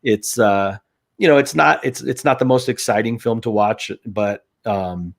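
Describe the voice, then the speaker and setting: A man's voice: medium pitch, unhurried, gravelly. A young man co-hosting a movie review show, talking casually with lots of fillers, restarts and swearing.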